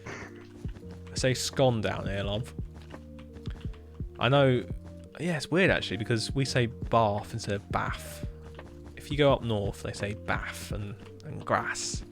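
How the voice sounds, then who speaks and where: A man's voice: medium pitch, takes it slowly, pauses often, faint music behind. A man with a Hampshire accent chatting casually on a live stream, reading chat and laughing often. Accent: Hampshire English. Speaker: livestreamer.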